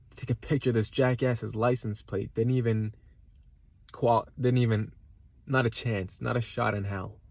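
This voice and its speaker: A male vlogger, sitting at home with a salad, tells a road-rage story as an angry, foul-mouthed rant full of repetition, his pitch leaping whenever he's upset. His voice is medium-pitched, with no room sound in the recording.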